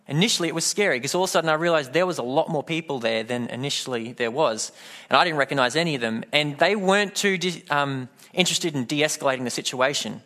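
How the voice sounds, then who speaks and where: Casting: male pastor, slightly high voice, storytelling sermon delivery. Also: bright, forceful tone. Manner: storytelling, acts out quoted voices.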